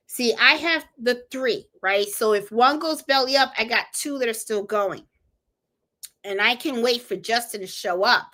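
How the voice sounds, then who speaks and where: A woman's voice: fairly high pitch, bright, forceful tone. A middle-aged woman from Puerto Rico hosting a sewing and embroidery livestream, chatting casually and talking straight to her viewers with plenty of fillers. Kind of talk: casual live-stream chat.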